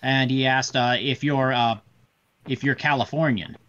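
A man narrating a tabletop role-playing game as game master, pausing often with fillers. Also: medium pitch, steady tone, fairly bright tone, muffled recording. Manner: halting, with many fillers.

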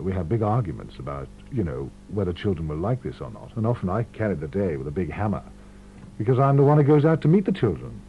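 A man in his forties, an actor, talking expansively in a radio interview, full of animated anecdotes. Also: low-pitched, gravelly. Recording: muffled 1970s radio archive with hum.

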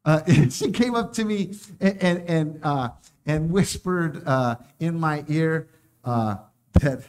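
A man's voice: fairly high pitch, slow, darkish tone. A man preaching a casual sermon, joking and laughing often as he talks.

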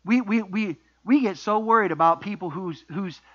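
High, bright-voiced preacher, middle-aged man. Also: normal speed, dull audio. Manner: emphatic preaching, repeated refrains and rhetorical questions. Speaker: pastor. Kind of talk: sermon.

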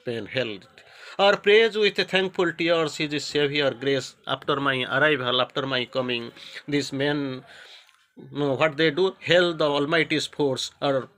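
A man, a spiritual teacher explaining a devotional poem line by line. He recites each verse with rising emphasis, then paraphrases it haltingly with restarts. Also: mid-range voice, a bit bright.

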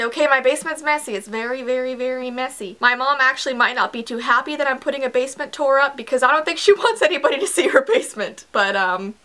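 A woman's voice: high voice, sharp tone. Bubbly young woman vlogger telling stories. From Canada. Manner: chatty, dramatic, playful asides. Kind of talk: story time vlog. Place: home, indoors.

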